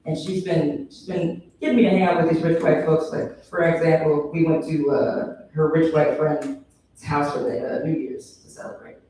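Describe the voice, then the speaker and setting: A man performing a stand-up set, breaking into shrill high mock voices when he quotes people. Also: level tone, normal speed, mellow, a little hiss or hum. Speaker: stand-up comedian. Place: comedy venue stage. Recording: very echoey hall from a distance.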